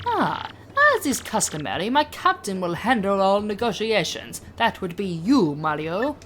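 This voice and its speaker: A woman's voice: mid-range voice, very animated, moderate pace, a little hiss or hum, close to an everyday voice. A woman voicing a vain, pompous male ship owner in a grandiose, sing-song manner, over game music.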